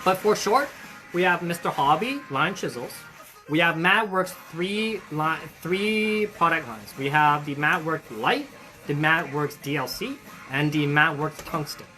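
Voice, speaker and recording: Male shop host, slightly high, bright forceful tone, chatty explainer, faint music underneath. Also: lively intonation, measured pace. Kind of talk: casual livestream chat.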